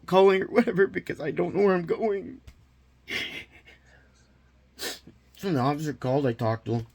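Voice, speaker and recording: A man tells a painful story from his own life in a gravelly, husky voice. His retelling is raw and agitated, and he stops and restarts as he goes. Nervous laughs break into his sentences. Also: medium pitch. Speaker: vlogger. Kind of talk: personal confession storytelling.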